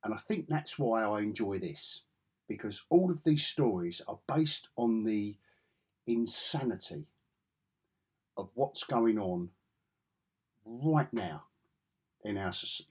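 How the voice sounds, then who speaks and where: A man's voice: lowish voice, a little mellow, breathy edge. An English man with an enthusiastic, rambling way of talking, reviewing comic books in a casual vlog. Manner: rambling, enthusiastic, self-correcting.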